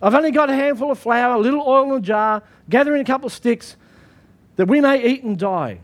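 A man's voice: very high voice, a little fast. A man pastor preaching a sermon in an emphatic style, often repeating his phrases.

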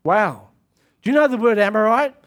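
A man preaching a sermon to his church, reading scripture and pushing into shouted calls to action. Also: sits high, animated, moderate pace. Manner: impassioned preaching that swells into shouted exhortations.

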